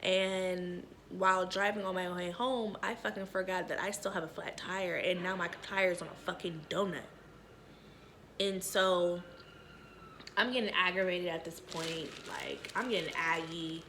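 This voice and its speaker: A woman's voice: fairly low pitch, steady tone, unhurried, pushed and bright, slight background noise. A young woman vlogger telling a story casually while eating, candid and profane, full of filler phrases.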